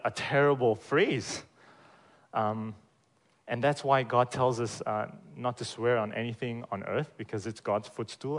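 Preaching in church, this male pastor speaks with a mid-range voice and plenty of emphasis. He throws rhetorical questions at his listeners, often adding "right?", and his loudness shifts from strong stresses to softer phrases.

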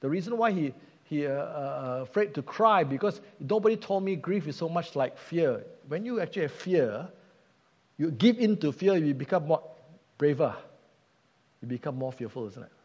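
A man's voice: fairly high pitch, lively intonation, normal speed, a little mellow. Male preacher, emphatic sermon delivery, muffled sound with hall reverb. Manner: earnest, emphatic, rhetorical questions.

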